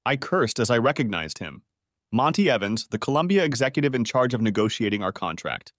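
A man reads a first-person story aloud in an audiobook style. His pitch moves a lot as he shifts between narration and the characters' lines. The recording is dry and close, with no room sound. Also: a little fast, no echo. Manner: lively storytelling, lightly voicing each character.

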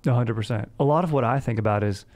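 A man's voice: mid-range voice, fast, darkish tone. A young man hosting a comedy podcast, chatting casually in bro slang and saying "dude" all the time. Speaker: podcast host.

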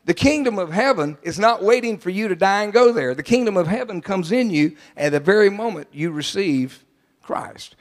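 An older man preaches in a high voice, driving his points home. He drops to quiet asides, then rises to loud declarations. A long reverb trails his words through the sanctuary. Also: animated, moderate pace. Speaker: pastor. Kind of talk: sermon. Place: large church sanctuary. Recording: long church hall reverb.

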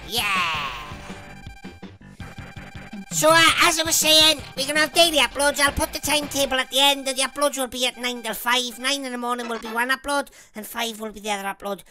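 A woman with a British accent commentating as she plays a video game, swearing constantly and shouting insults at her opponent. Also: sits high, brisk. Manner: foul-mouthed, shouting insults at the screen. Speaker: gamer. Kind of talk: let's play commentary. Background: game music.

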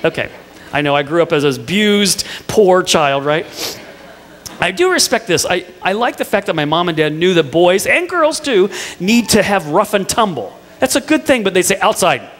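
Animated male pastor in echoey hall. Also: high voice, normal speed. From Indiana. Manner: animated storytelling with playful asides to the congregation. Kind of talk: sermon. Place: church sanctuary.

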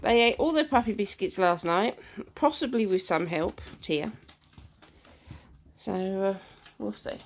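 A woman's voice: medium pitch, measured pace, a little hiss or hum. A woman filming her puppies at home, chatting and cooing to them in a sing-song baby-talk way. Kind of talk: casual chat to dogs while filming. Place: indoor living room at home. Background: puppies playing.

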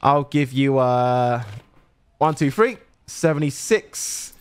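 This young man has a smooth, expressive mid-range voice. He plays a cheery shopkeeper at a till, calling out prices and serving customers with brisk, friendly patter.

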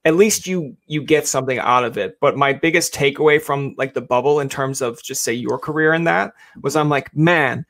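A man's voice: mid-range voice, moderate pace, hardly any pauses, a bit bright. A young man hosting a casual interview, chatty and joking, acting out quotes as he talks. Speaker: host.

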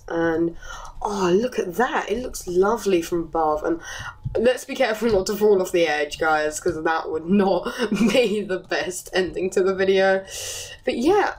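A woman YouTuber giving casual, rambling game commentary, chatty and easily excited, with frequent giggles. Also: on the low side, poor audio. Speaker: gaming YouTuber.

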